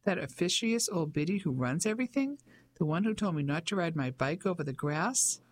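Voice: medium pitch, expressive, fairly quick, dry recording, natural voice. A narrator doing a critical young English soldier. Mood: puzzled. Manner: critical, puzzled. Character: earnest young English soldier son, man.

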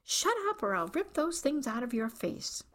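A woman reading the part of an angry mother who snaps and then pleads, with her own slightly gravelly voice. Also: a little high, sing-song, normal speed, voice pushed up, exaggerated voice. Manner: sharp and hissing, then pleading.

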